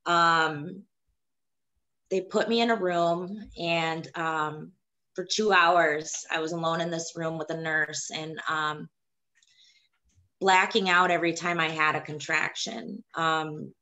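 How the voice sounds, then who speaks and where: Low-voiced woman telling her story haltingly. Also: steady tone, bright, forceful tone. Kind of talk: personal testimony.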